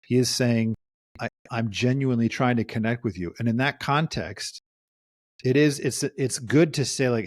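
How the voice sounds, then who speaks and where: A man's voice: mid-range voice, normal speed, dry recording, studio quality. A man, a therapist co-hosting a podcast, talking things through in a reflective way and acting out quoted lines. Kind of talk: casual podcast discussion.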